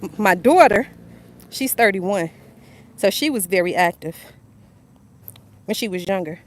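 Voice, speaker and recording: Her pitch sits in the middle, her intonation is lively, and her pace runs a little slow. This Southern US woman in her fifties hosts a casual motivational livestream, her phone propped up on a narrow sidewalk next to a road as faint traffic goes by. She's chatty, addresses her viewers head-on, and keeps repeating herself.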